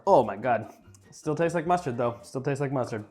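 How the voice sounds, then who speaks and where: A man's voice: mid-range voice, lively intonation, moderate pace, a little mellow, faint music behind. A young man with a chatty, joking manner, casually reviewing sauces in a vlog and trailing off into fillers. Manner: playfully repeats and mispronounces words. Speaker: food reviewer. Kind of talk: casual food tasting vlog.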